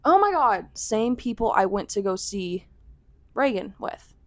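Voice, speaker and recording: A woman's voice: medium pitch, big pitch swings, unhurried, dry recording. A young woman telling a rambling vlog story in a chatty, casual way, full of "like". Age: young adult. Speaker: vlogger.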